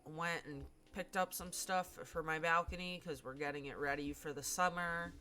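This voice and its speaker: A woman's voice: sits low, steady tone, moderate pace, sharp tone, a little hiss or hum. A woman streamer chatting casually with her viewers while playing, in a talkative way with lots of fillers. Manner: chatty, filler-heavy, talks to chat.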